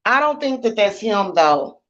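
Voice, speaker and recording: A woman's voice: a little high, very animated, a little slow, fairly bright tone, highs cut off. A woman tarot reader talking bluntly and casually on a livestream. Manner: blunt and chatty.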